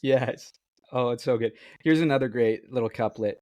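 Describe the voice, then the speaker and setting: An excited man co-hosting a book podcast, chatting casually and laughing often. His voice is mid-pitched and sounds dry and close, with no room echo. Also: moderate pace. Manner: enthusiastic, laughs often, reads quotes aloud. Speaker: podcast co-host.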